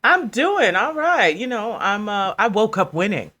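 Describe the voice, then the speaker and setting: A woman co-hosting a podcast, relaxed and playful in casual chat, quick to laugh. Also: medium pitch. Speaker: podcast co-host.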